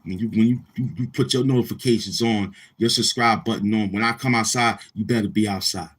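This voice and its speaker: A man's voice: fairly low pitch, steady tone, a little fast, slightly rough. A man hosting a livestream, chatting casually with viewers in a boastful, crude, repetitive manner. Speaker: livestream host.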